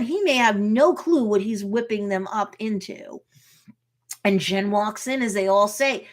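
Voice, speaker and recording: A woman's voice: on the high side, fairly bright tone. A woman attorney chatting casually as she reacts to and retells a TV episode, often tagging her points with "right?" and "like". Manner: chatty, retells scenes, tags lines with "right?" and "like".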